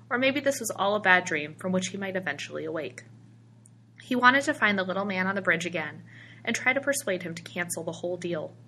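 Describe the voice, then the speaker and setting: A woman narrates a story in a steady, expressive audiobook reading. Her voice is bright and sits on the low side. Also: a little hiss or hum.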